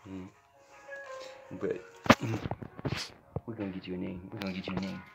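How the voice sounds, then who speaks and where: A man's voice: sits low, level tone, moderate pace, creaky, over loud music. A man casually chatting on a live stream, rambling and telling a story in a loose, offhand way. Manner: rambling, baby-talks to his puppies. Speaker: vlogger.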